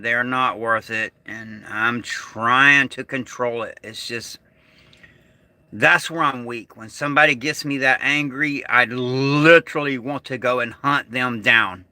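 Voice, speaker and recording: A middle-aged American man vlogging about being upset and struggling with anger, talking in a halting way that trails off. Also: medium pitch, sharp tone, dry recording. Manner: agitated, slow and halting, trailing off. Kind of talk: emotional vlog monologue.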